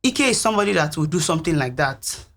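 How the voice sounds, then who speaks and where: Husky woman telling her story. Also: low voice, very animated, quick pace, a bit bright. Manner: earnest, reflective storytelling. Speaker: reality show contestant guest. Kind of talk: recounting events in an interview.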